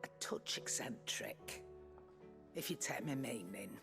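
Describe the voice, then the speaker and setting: An actress playing a gruff, suspicious older woman trader who talks curtly and sarcastically. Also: a bass voice, animated, measured pace, fairly bright tone, faint music behind, heavily acted. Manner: curt, sarcastic, dialect grammar.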